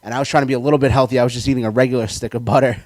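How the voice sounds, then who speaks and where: A man doing a stand-up comedy set, telling loud, excitable, self-mocking stories. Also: mid-range voice, very fast, dry recording. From New York.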